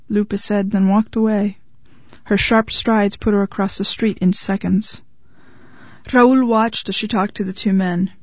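A woman's voice: mid-range voice, fairly even intonation, a little slow, no echo. Woman reading a short story. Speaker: reader. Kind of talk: scripted narration of short fiction. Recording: slightly muffled, dry.

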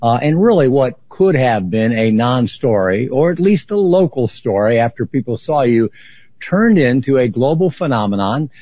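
A man's voice: mid-range voice, very animated, normal speed, mellow, no echo. A man interviewing a guest, laying out the scene at length before asking his question. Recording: dull, dry lo-fi recording.

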